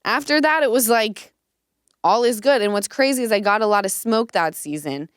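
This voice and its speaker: A woman in her thirties hosts a podcast, telling candid stories with animated energy and saying "like" often in casual chat. Her fairly high voice is clear and resonant at a normal pace, recorded dry and clean in a studio.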